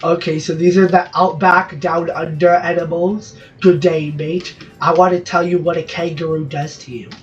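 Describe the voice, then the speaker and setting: A man's voice: on the high side, little pitch movement, normal speed, few pauses. A man from Brazil giving rambling, jokey gameplay commentary with lots of self-interrupting asides. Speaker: gaming channel host. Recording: distant, dull lo-fi mic with music behind.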